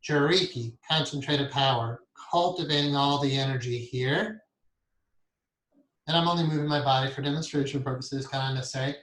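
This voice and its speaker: A man teaching a guided meditation lesson, talking calmly and softly and chuckling often as he explains and counts breaths. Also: mid-range voice, fairly quick. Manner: calm, soft-spoken, chuckles often. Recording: echoey room.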